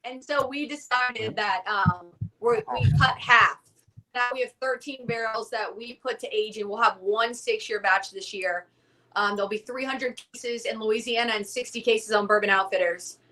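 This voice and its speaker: A woman's voice: on the high side, normal speed. A young woman, a guest from a whiskey company, telling a story in a casual interview and acting out the dialogue. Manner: animated, acts out quoted dialogue.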